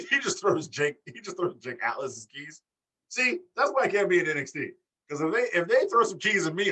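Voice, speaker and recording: A man's voice: fairly high pitch, sharp tone, far from the mic. A man co-hosting a casual wrestling podcast, tipsy and rambling, joking and laughing as he talks. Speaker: podcast co-host.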